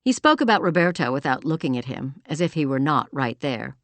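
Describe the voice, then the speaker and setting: A woman narrating a romance audiobook in an expressive storytelling manner, also speaking the heroine's lines. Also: low voice, brisk, dry recording. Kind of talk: scripted narration.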